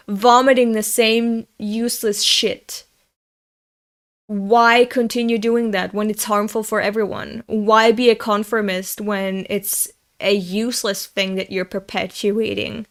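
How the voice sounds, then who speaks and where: Young euro woman streaming, reading manga, slow and sweary, pissed off. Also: on the high side, level tone. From Europe. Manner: blunt, profane ranting. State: angry. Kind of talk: live-stream reading with commentary.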